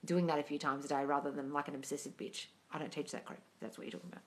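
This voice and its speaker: A woman's voice: low-pitched, flat delivery, very fast, slight background noise. A woman coaching on a livestream, reading out viewer comments and answering them bluntly, with lots of swearing and calling people darling. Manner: blunt and profane, calls listeners darling. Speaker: manifesting coach.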